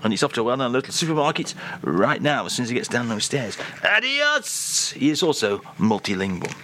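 A man hosting a comic radio segment, playful and teasing, with quick asides. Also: medium pitch, big pitch swings, bright, forceful tone, slight background noise. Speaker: radio host.

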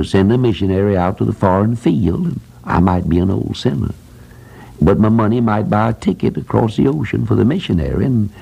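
Deep gravelly older preacher. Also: male voice, warm tone, muffled recording. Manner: plain folksy preaching, repeats phrases for emphasis. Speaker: preacher who runs a Christian school. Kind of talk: sermon.

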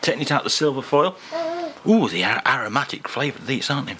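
A man's voice: medium pitch, big pitch swings, quick pace, background noise. A man presenting community radio, joking and rambling in casual chat. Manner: jokey, rambling, chatty, talking through a mouthful. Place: radio studio.

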